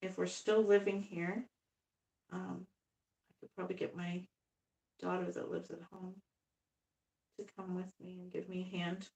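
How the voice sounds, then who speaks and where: Gravelly, chatty grandmother in an echoey room. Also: fairly low pitch, level tone, measured pace, pauses often, a little mellow. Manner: rambling, chatty, laughs often. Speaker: doll artist live-streaming. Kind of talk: casual live stream chat. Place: home room. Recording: echoey room, far from the mic.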